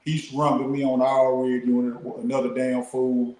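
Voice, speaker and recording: A man's voice: mid-range voice, flat delivery, fairly quick, a little mellow. A middle-aged man, a guest, telling stories in a laid-back, casual way and peppering his speech with "man". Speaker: guest, former prisoner. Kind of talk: casual storytelling. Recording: roomy echo.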